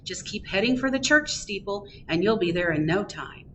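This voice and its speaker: Gentle, helpful little girl, soft-spoken, read by a woman storyteller. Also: medium pitch, animated, moderate pace, slight background noise, lightly acted. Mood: kind. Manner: gentle, reassuring.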